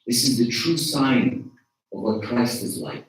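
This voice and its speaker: A man delivers a conversational sermon, pausing to toss questions back at the pews. His voice sits at an ordinary middle pitch. It reaches the listener from some distance, filling a large, very echoey church. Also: sing-song, slight background noise. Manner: engages the congregation with frequent rhetorical questions. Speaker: archdeacon preaching.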